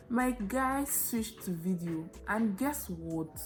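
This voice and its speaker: A young Nigerian woman telling a story on her vlog, animated and dramatic, with quick shifts of pace. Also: mid-range voice, soft background music. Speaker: vlogger.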